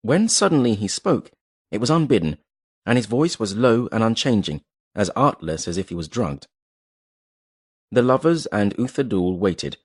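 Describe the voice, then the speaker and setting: A man reading a novel aloud in measured, dramatic storytelling narration. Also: lowish voice, lively intonation, husky, no echo, clean studio sound. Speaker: audiobook narrator. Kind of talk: scripted narration.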